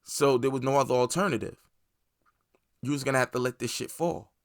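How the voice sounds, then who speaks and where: A man's voice: medium pitch, steady tone, fairly quick, no room sound, clean studio sound. A man hosting a movie review channel, casually recapping a series in a loose, rambling way with plenty of swearing and filler words.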